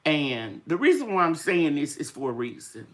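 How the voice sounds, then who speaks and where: An older woman with a low-sitting, very animated voice talks at a normal speed while hosting her relaxed garden live stream. Sinuses draining and a bit tired, she still chats away, telling stories and voicing the people she quotes.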